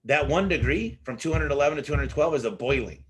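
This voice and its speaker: A man telling animated stories as an interview guest, acting out the dialogue in his anecdotes with frequent restarts. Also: on the high side, quick pace. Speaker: business owner guest. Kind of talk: casual interview storytelling.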